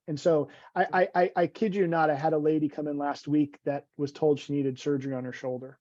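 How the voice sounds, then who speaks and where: A man's voice: a little high, steady tone, fairly quick, hardly any pauses, darkish tone, no room sound. Stammering man guest, dull dry audio. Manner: rambling, stammering restarts, self-deprecating. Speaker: guest, vitality coach. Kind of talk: casual podcast conversation.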